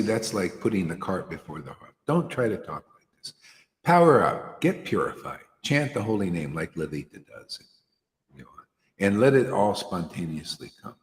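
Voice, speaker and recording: A man's voice: on the low side, sing-song, normal speed, a little hiss or hum. A man giving an informal devotional talk to a small group, earnest and slangy, peppering his words with "you know" and "man". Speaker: spiritual teacher. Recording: roomy hall echo.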